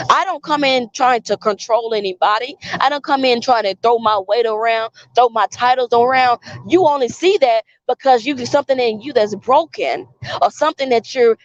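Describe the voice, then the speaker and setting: A woman's voice: on the high side, dry recording. Earnest woman vlogger, lo-fi sound. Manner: earnest, repeats phrases for emphasis; preachy, cites scripture. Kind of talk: casual spoken monologue.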